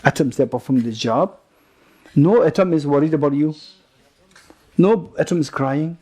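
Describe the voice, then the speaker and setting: A man in his thirties giving a Buddhist retreat teaching to a live group, explaining with lively examples, questioning his listeners, often restarting words and chuckling between points. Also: fairly high pitch, normal speed.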